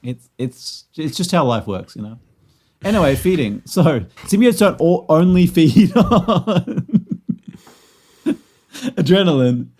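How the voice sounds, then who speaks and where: Brief: man, co-host, rambling and joking, a bit higher voice. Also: animated, normal speed, a little mellow. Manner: rambling, joking, stumbles over words. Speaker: podcast co-host presenting lore. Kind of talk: casual podcast chat.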